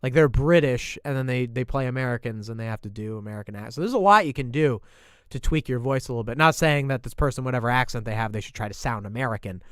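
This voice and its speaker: A man with a slight New York accent rambles through casual stream commentary, thinking aloud and restarting his sentences. His voice is smooth and clear, and the sound is close and dry. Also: mid-range voice, quick pace, a bit bright, no echo. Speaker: YouTuber reviewing creator posts on stream.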